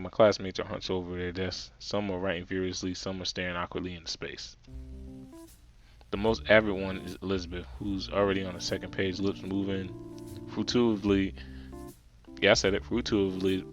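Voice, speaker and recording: A man's voice: low voice, little pitch movement, brisk, lo-fi sound, faint music behind. A man from New Jersey reading a visual novel aloud with casual, jokey asides and stumbles. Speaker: let's play streamer reading a visual novel.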